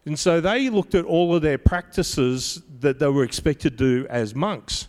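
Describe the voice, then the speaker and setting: A man's voice: on the high side, measured pace, a little mellow, long reverb tail. A middle-aged man preaching a sermon, telling stories in a conversational way with humorous asides. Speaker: pastor.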